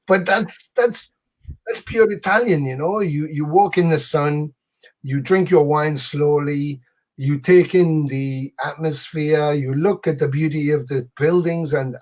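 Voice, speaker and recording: A man, a guest musician, telling animated anecdotes in a casual chat over a video call, often saying "you know". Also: on the high side.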